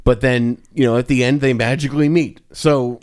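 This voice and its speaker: A man co-hosting a podcast in casual chat, relaxed and hesitant, with many fillers. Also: medium pitch, moderate pace. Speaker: podcast co-host.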